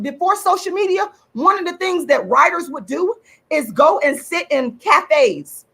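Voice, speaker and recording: A channel host and activist furiously rants on her livestream, swearing and repeating her points for emphasis. Her high voice swoops widely and carries a gravelly edge along with a bright, forceful tone.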